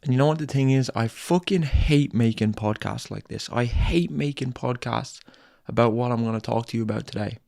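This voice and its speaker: A podcast host with a medium-pitched, gravelly, darkish voice speaks fairly quickly in a clean, dry studio recording. He delivers an angry, lecturing tough-love monologue, blunt and emphatic, packed with swearing and repeated lines.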